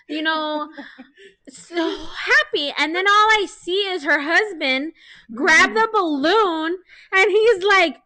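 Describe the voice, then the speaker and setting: A woman co-hosting a casual podcast, telling a story with big animated energy, frequent swearing and laughter. Her voice is high and bright. The sound is dry and close. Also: takes it slowly, no room sound. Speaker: podcast co-host.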